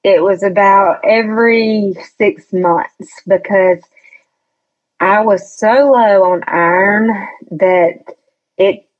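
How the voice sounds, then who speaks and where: Speaking slowly in a medium-pitched voice, a woman appears as a podcast guest and recounts something personal. She's chatty but hesitant, restarting often, in a casual storytelling chat recorded in dull lo-fi.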